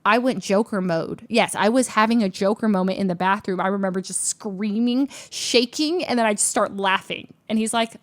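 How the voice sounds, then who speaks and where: A young adult woman, a streamer, telling a personal story in an animated, chatty way, full of fillers. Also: mid-range voice, moderate pace, few pauses. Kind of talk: casual storytelling.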